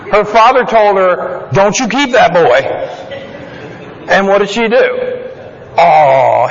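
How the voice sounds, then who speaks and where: A man leading a Bible study in a chatty, conversational way, full of joking asides and digressions. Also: fairly high pitch. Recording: dull lo-fi sound with long hall reverb.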